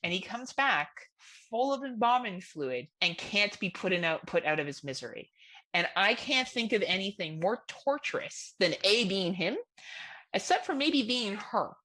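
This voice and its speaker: Bright-voiced woman podcast co-host. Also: medium pitch, sing-song, moderate pace. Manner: chatty, enthusiastic, swears casually. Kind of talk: casual podcast chat.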